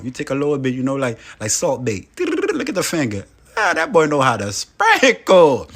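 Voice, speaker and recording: A man giving playful, hyped casual commentary over a cooking video, talking straight to viewers. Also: breathy edge. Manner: playful, hyped, chatty with frequent "boom" and "you know".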